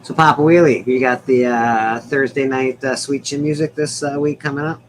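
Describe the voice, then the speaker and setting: A man's voice: mid-range voice, fairly even intonation, normal speed, a little hiss or hum, poor audio. A man hosting a casual livestream chat from home, rambling, laughing often and swearing now and then. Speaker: livestream host.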